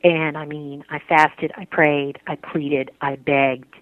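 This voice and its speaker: A woman recalls a painful time in her faith life, earnest and halting. She restarts her sentences often, and her voice comes through a tinny, dry phone line. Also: sits low, flat delivery, dry recording. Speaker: interviewee. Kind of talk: personal faith interview.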